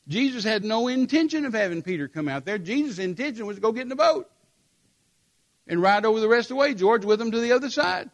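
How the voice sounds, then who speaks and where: Male preacher, high voice, emphatic sermon, repetitive, animated storytelling.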